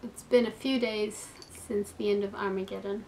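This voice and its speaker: A woman's voice: medium pitch, steady tone, moderate pace, vocal fry, warm tone, slight background noise. Woman, vlogger, chatty, reflective, indoors at night, camera mic. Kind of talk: casual vlog recap to camera.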